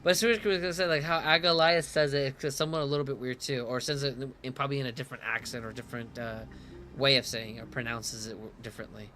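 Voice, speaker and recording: A man's voice: mid-range voice, steady tone, fast talker, bright, forceful tone, a little hiss or hum. Giggly man doing gameplay commentary. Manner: giggly, reads subtitles aloud, self-mocking. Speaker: gaming streamer.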